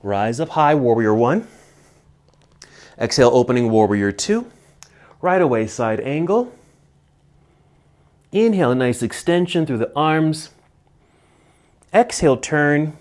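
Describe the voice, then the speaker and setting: Male yoga teacher, middle-aged, mid-pitched, steady calm cues, a little winded. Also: a little slow, pauses often. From United States. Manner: calm cueing of poses and breaths. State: slightly out of breath. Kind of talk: guided yoga class instruction.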